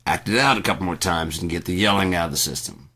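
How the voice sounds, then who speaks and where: Deep-voiced man ranting in a rambling vlog. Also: quick pace, sharp tone. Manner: profane, ranting, rehearsing an argument aloud; rambling with many restarts. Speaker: vlogger.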